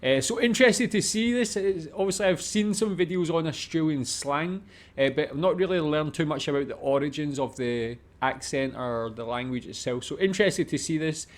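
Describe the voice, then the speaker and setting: A man in his thirties reacts to a video and thinks out loud as he goes, looping through "like" and "uh". His voice is a little high for a man. He sounds easygoing and conversational. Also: normal speed. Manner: thinking aloud, rambling with many fillers. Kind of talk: casual reaction commentary.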